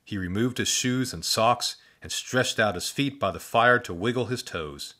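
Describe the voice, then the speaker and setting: A man reading a children's storybook aloud as the narrator, expressive and animated. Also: fairly low pitch, normal speed.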